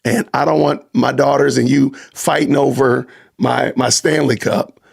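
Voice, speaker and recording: A middle-aged man, hosting a casual livestream podcast and talking straight to his live chat in an animated, joking way. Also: mid-range voice, unhurried, gravelly, husky. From Georgia, US. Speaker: podcast host.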